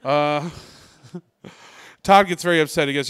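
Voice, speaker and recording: A male comedian doing a stand-up set in a comedy club, telling deadpan stories and quoting the people in them. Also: on the high side, measured pace, pauses often, clear, resonant tone.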